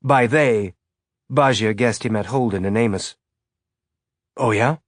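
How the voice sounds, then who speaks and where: Here a man on the low side of the pitch range narrates an audiobook with even, measured pacing. The sound is clean, studio-quality, and free of echo.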